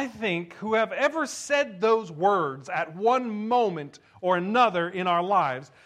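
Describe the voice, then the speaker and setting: A man's voice: sits high, fairly bright tone. A man preaching a sermon, reading scripture with emphasis and then talking to the congregation in a conversational way, often repeating words as he goes. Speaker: pastor.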